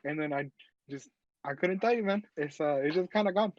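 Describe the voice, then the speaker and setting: High-voiced guy rambling fast in a tabletop game, dull lo-fi mic. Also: dry recording. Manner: rambling, filler-heavy, casual. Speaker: player. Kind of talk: in-character tabletop play.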